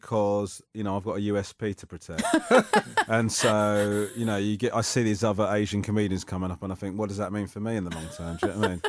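Brief: male comedian guest, low-pitched, rambling and self-deprecating, dry close sound. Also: quick pace, dry recording. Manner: rambling, self-mocking, laughs often. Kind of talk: casual interview chat.

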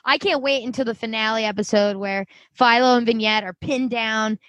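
A woman co-hosting a casual podcast chat, retelling a TV episode in a lively, profane way. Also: on the high side, a little fast, dry recording. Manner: profane, animated storyteller. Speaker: podcast co-host.

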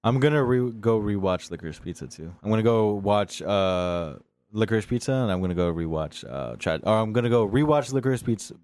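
A man's voice: lowish voice, expressive, fairly quick, darkish tone. A man hosting a podcast in casual chat, rambling and laughing as he talks. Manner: rambling, laughing film talk. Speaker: podcast host.

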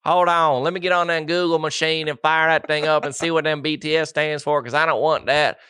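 A man playing a wary, churchgoing Southern father who talks in a folksy drawl. His voice sits higher than his own, and the sound is close and dry with no room around it. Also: fairly even intonation, a little fast, bright, forceful tone, clean tone, no room sound. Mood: suspicious. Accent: American Southern (put on). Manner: drawling, folksy, slightly raised voice. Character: suspicious Southern small-town dad, churchy and wary.

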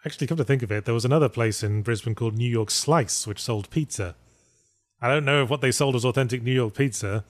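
A man co-hosting a podcast, his wry, deadpan remarks coming across plainly. His voice sits at a middle pitch. It is recorded close up with a dry, dead sound. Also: fast, no echo. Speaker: podcast co-host. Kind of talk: casual podcast chat.

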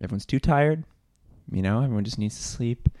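A man with a mid-pitched voice hosts an improvised comedy podcast. He rambles and stammers, hedging with fillers as he spins comic excuses. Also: lively intonation, brisk, dark tone. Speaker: podcast host.

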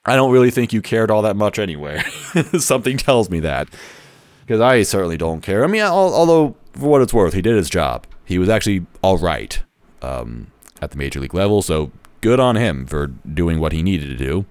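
A man's voice: sits low, sing-song, normal speed, dry recording. A man giving a casual solo talk as a baseball fan commentator, rambling, correcting himself and joking wryly. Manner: rambling, self-correcting, wry. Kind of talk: casual solo sports podcast.

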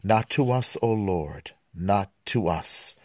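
A man hosting a podcast who reads the Mass prayers and scripture aloud, with relaxed, filler-filled asides between the readings. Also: fairly low pitch, takes it slowly, no room sound, studio quality.

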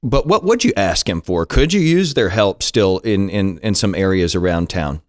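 A man co-hosting a podcast puts a question to his guest. His voice sits on the lower side. He keeps a light, conversational, slightly joking tone. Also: expressive, moderate pace, no echo, studio quality. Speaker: podcast co-host.

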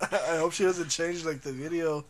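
Laughing young man, slightly high voice. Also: fairly bright tone, a little hiss or hum. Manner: profane, laughing, halting restarts. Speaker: podcast co-host. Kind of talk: casual chat.

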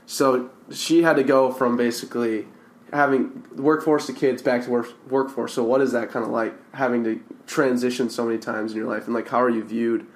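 A man's voice: medium pitch, flat delivery, a little fast. A young man hosting a podcast, asking questions in an upbeat, jokey interview style. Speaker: podcast host.

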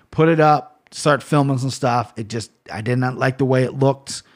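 A man talking to camera in a casual solo rant, rambling and cursing freely, with bursts of loud mock outrage. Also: mid-range voice, steady tone, normal speed, hardly any pauses. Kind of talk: casual solo rant about gear and fight news.

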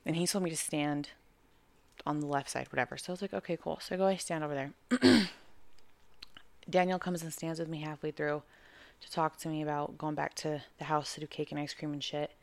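A young adult pregnant woman co-hosting a podcast, telling an animated, profane story and acting out the quotes. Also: low voice, fairly quick, creaky, no room sound. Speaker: podcast co-host. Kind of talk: casual storytelling chat.

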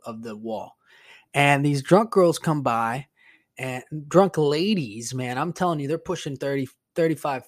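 Man cursing through a rambling story. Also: fairly high pitch. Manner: profane, rambling, exasperated. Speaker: podcast host. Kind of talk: casual monologue storytelling.

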